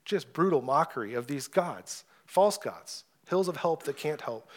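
Earnest preaching man, higher voice. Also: lively intonation, measured pace, few pauses. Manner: earnest preaching, swells loud when reading scripture. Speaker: pastor. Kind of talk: sermon.

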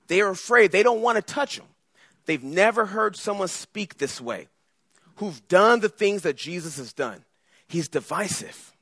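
A male preacher delivers a lively, conversational sermon with a pitch that rises and falls widely. His voice is bright and a little high. The recording is dry and close. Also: unhurried, husky, dry recording. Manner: animated, conversational, acts out scripture voices.

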